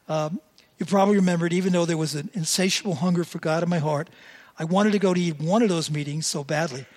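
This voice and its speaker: A man in his seventies preaching a sermon, telling stories in a conversational way and acting out quoted lines. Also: fairly high pitch. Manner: conversational storytelling, voices quotes animatedly.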